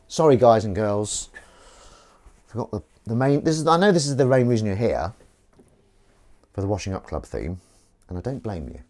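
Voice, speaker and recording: A man's voice: lowish voice, sing-song, moderate pace, pauses often, darkish tone. A man hosting a casual live stream, rambling and self-mocking as he tries out a gadget. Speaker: livestream host. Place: outdoors in wind.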